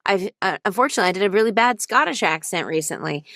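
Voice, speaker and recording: A woman voice actor talks about her craft in a relaxed interview, with a medium voice. She works through her points with frequent restarts. The recording is dry, with no room sound. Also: medium pitch, quick pace, dry recording. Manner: thoughtful, explains at length with many restarts. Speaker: voice actor and audiobook narrator guest. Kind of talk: casual interview chat.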